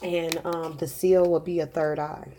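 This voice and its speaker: A woman's voice: low-pitched, level tone, unhurried, mellow, slight background noise. A young woman talking casually about faith and her children's dreams, rambling with many fillers and restarts and laughing at her own jokes. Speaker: religious vlogger. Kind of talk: casual preaching monologue.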